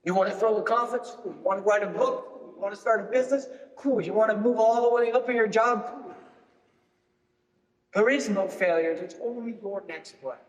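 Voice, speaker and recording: A man with a notably high voice delivers a motivational keynote as a football recruiting coach. He tells personal stories that build to emphatic punchlines. His voice carries a long, roomy reverb from a large hall, picked up by a stage microphone. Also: brisk. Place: large hall before a live audience.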